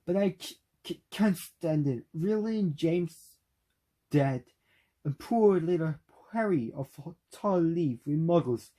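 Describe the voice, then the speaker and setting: A man whose first language is Korean voicing a huge, soft-hearted male half-giant, with a stammering, sobbing delivery. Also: on the high side, animated, slow. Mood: tearful.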